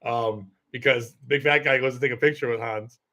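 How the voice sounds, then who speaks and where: A man's voice: medium pitch, steady tone, normal speed, sharp tone. A man hosting a podcast, telling a rambling story in casual chat, full of fillers and laughs. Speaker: podcast host and comedian.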